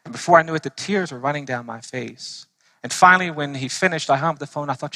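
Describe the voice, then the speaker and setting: A man, a lawyer, telling stories in an impassioned speech to a church audience, slowing down to stress his points. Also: on the high side, sharp tone, no room sound. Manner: earnest storytelling, slowing for emphasis.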